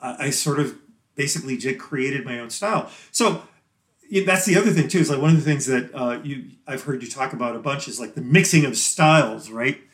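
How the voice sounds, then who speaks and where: A chatty man of middle pitch speaking as a podcast guest, rambling through his answers with easy laughter. His voice rings with a noticeable room echo, as if recorded in a live, roomy space. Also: fairly quick. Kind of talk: casual interview chat.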